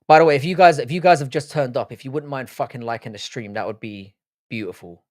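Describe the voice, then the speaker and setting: On a casual livestream, a British-raised man of Irish roots with an English accent reads out comments and answers them bluntly, swearing freely. He talks fast in a mid-range voice, and the studio-quality audio has no room sound.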